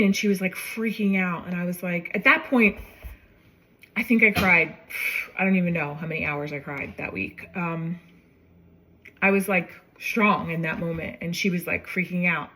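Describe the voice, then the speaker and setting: A woman's voice: on the low side, fairly even intonation, moderate pace, bright, forceful tone, low-quality recording. A young woman telling a personal story casually, rambling and correcting herself with many fillers, while cooking in her kitchen. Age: young adult. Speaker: vlogger.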